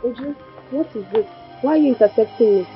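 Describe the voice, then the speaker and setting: A woman's voice: on the high side, fast, lightly acted. A Nigerian actress playing a bullied young woman who begs to be left alone in a film drama. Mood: pleading. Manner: pleading, begging. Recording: slightly muffled film audio with faint music.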